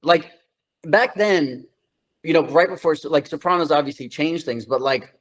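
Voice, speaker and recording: A New York man in his thirties, an actor appearing as an interview guest, speaks at a normal pace in a slightly high voice over poor-quality audio. In this casual chat he tells loose, slangy stories packed with filler words, saying "like" constantly.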